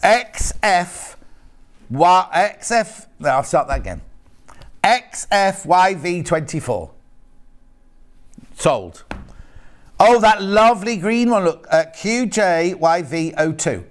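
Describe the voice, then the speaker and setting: A man's voice: high-pitched, big pitch swings, takes it slowly, long pauses. A man presenting on a live shopping channel, chatting and teasing while reading out prices and product codes. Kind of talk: live TV sales chat. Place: TV studio. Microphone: earpiece and studio mic.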